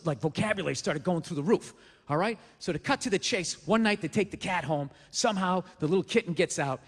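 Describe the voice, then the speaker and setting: A man doing a stand-up comedy routine, telling a story in a loud, exasperated, profane way at a live venue. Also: extremely high pitch, slight background noise. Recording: live stage mic in a hall.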